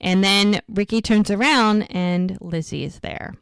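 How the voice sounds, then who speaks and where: A woman's voice: mid-range voice, measured pace, gravelly, clear, resonant tone, no room sound. A woman co-hosting a podcast, chattily retelling an episode scene by scene with frequent fillers. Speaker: podcast co-host. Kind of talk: casual episode recap.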